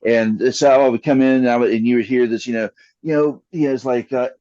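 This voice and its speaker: A man's voice: fairly even intonation, fairly quick, dark tone, dry recording, lo-fi sound. A man co-hosting a podcast in casual chat, hesitant and repeating his words. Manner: hesitant, repeats words, slips into a booming announcer voice. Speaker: podcast co-host. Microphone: video call.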